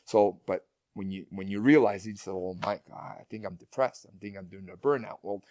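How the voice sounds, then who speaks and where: A man's voice: lowish voice, a little fast, darkish tone, no echo, studio quality. A man talking casually as a guest speaker in an interview, speaking with frequent restarts and repeated words. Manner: rambling, many restarts and repeated words, laughs often.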